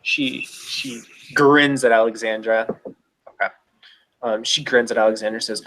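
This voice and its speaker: A man's voice: medium pitch, fairly even intonation, unhurried, a bit bright. A man narrating his character's actions in a casual tabletop role-play, rambling with many fillers and restarts. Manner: rambling, filler-heavy, self-interrupting. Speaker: player.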